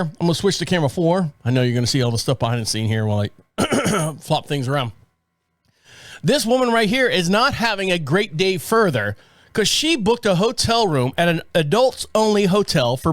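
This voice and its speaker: A high-pitched man hosts his podcast, rambling from one aside to the next in a casual, joking way. His voice sits dry and close, with no room sound around it. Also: very animated, normal speed, no echo. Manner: rambling and chatty, with asides and jokes. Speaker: podcast host. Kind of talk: casual chat. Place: podcast studio with several cameras.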